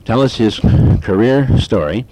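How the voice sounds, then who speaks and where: A man introducing an oral history interview, halting with many fillers and restarts. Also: mid-range voice, lively intonation, mellow. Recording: noisy 1980s tape with clicks.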